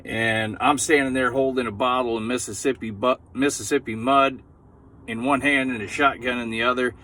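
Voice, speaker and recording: A middle-aged man performs a stand-up comedy set, his voice bright and forceful. He rambles through self-deprecating stories, padding them with fillers and asides. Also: medium pitch, steady tone, normal speed.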